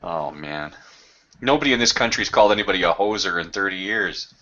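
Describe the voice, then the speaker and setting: Canadian man, low voice, lively and bright, bantering, muffled lo-fi sound. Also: a little fast, background noise. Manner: animated, banters. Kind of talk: casual group chat. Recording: dull lo-fi stream audio.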